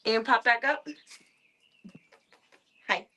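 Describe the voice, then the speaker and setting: A woman's voice: on the high side, very slow, bright, forceful tone. Woman cooing to her cat. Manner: cooing baby talk to a cat. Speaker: livestreamer. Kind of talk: casual chat to her pet cat.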